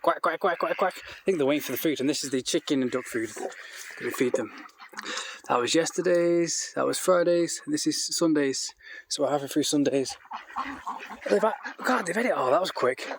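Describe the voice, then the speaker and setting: A man giving a casual walk-and-talk vlog outdoors in a farmyard, rambling and chatty with many restarts, and coaxing his animals in a higher voice. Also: moderate pace, background noise. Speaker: vlogger keeping poultry on a farm. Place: outdoors in a farmyard by a duck shed.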